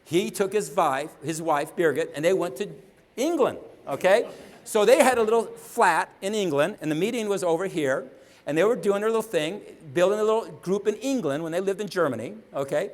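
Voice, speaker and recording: Fast, high-voiced man telling a seminar story. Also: animated. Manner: storytelling, acts out dialogue, checks in with "okay?". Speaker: motivational speaker. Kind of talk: motivational seminar talk.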